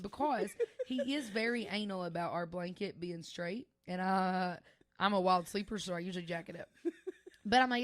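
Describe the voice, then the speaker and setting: In a studio-quality recording without echo, a young woman speaks at medium pitch and normal speed. She's co-hosting a podcast, swapping stories in a laid-back chat and laughing plenty.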